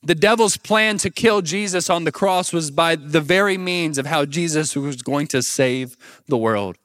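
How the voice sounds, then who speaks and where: Young man, high voice, animated preaching, dry close sound. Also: a little slow, no room sound. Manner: animated preaching, asks the crowd to repeat words. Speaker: pastor. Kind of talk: sermon.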